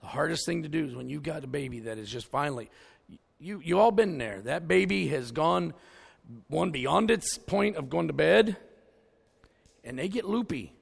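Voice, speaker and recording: A man preaching a sermon full of stories and jokes, with an animated, jokey delivery. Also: on the high side, normal speed, gravelly, slightly rough. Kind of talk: storytelling sermon.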